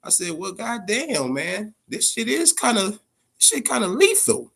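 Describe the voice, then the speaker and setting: A man hosting a boxing podcast, talking casually and profanely, telling stories in an animated way with big swings in pitch. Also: a little slow, gravelly, husky. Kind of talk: casual unscripted commentary.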